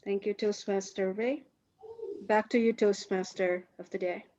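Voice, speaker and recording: A woman's voice: mid-range voice, steady tone, measured pace, mellow. A woman acting as general evaluator, introducing speakers at an online club meeting. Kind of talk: meeting chair over video call. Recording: dull lo-fi audio.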